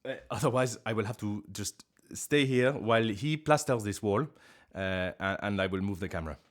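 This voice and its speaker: A man with a fairly low voice chats casually on a live stream from his living room at a normal speed. He rambles, jokes at his own expense, and breaks into sudden loud outbursts.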